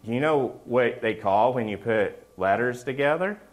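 A middle-aged man preaching a loose, conversational sermon. His pitch sits right in the middle for a man. He jokes and keeps asking the listeners "right?" as he goes. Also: expressive, unhurried. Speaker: pastor. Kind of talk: casual sermon.

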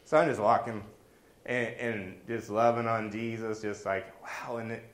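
A man, a pastor, preaching in a storytelling way with animated delivery and jokey asides. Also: on the low side, normal speed, reverberant. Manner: animated, jokey asides, acts out quoted voices. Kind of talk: storytelling sermon.

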